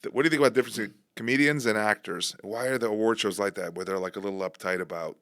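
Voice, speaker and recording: A man hosts a casual podcast, cracking jokes and firing off questions. His voice sits fairly low. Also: rapid-fire, fairly bright tone. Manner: joking, asks many questions. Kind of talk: casual chat.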